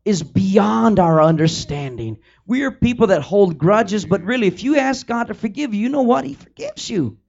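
A man's voice: high voice, expressive, normal speed, creaky, hardly any pauses, darkish tone. A male pastor leading his congregation in fervent, repetitive pleading prayer. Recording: dull lo-fi recording with faint music.

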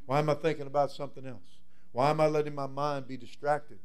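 A man preaching a sermon as pastor, swinging from loud fervent cries to quiet, hushed asides. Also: on the high side, fairly even intonation, quick pace, clear, resonant tone.

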